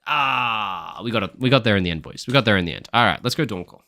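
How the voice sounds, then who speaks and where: Bright, animated man coaching his game live. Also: lowish voice, fast talker. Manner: heated, swearing, barking orders at teammates. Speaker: streamer and coach. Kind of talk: live gameplay commentary.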